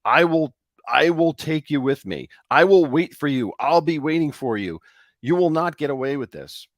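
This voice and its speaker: A man's voice: mid-range voice, expressive, a little slow, no room sound, studio quality, voice pushed up. A man voicing a bedridden, bitter husband who curses in pain. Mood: agonized cursing. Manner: agonized, cursing.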